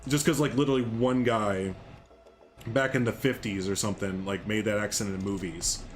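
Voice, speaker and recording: Fast-talking man with a Chicago accent. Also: fairly low pitch, fairly even intonation, faint music behind. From American Midwest. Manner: fast-talking, chatty, laughs often. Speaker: streamer. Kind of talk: casual game stream chat.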